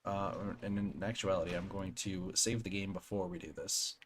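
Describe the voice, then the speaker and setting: A man's voice: low voice, fairly even intonation, moderate pace, a little hiss or hum. A man hosting a game stream, chatting casually and laughing easily between game scenes. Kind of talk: casual let's-play chat, reading game text aloud.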